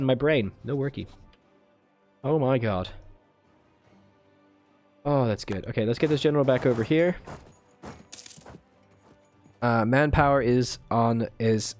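A man of middle pitch talks his way through a strategy game in a loose, playful ramble. He mutters to himself and cheers on his armies. Faint music sits low behind him. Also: a little mellow. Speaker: gaming video host. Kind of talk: let's play commentary.

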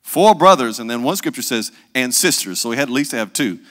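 A pastor preaching in a loose, conversational storytelling manner, often checking in with "right?". His voice is mid-pitched, and it carries a long reverberant echo. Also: lively intonation, fast talker, fairly bright tone. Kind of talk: sermon.

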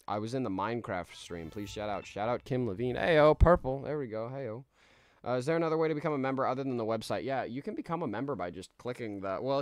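Tired-sounding guy on a game stream, kinda low voice, dry close mic, rambly. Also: dry recording. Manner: rambling, laid-back, many restarts. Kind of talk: live gaming stream chat.

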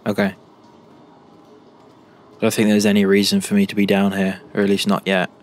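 A man's voice: lowish voice, monotone, normal speed. A young British man giving joking commentary while playing a game, talking to the characters on screen. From Britain. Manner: jokey, talks to the game characters. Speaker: gaming YouTuber.

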